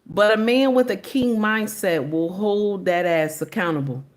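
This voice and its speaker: Female livestream host, sassy and preachy, mid-pitched voice, repeats herself for emphasis. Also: measured pace. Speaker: commentary host reacting to clips. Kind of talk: casual reaction commentary.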